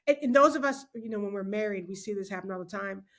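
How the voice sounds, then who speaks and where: A middle-aged woman who works as a motivational speaker appears as a guest on a faith podcast, talking fast in a mid-range voice. The conversation is animated: she's expressive, laughs often, and preaches her points.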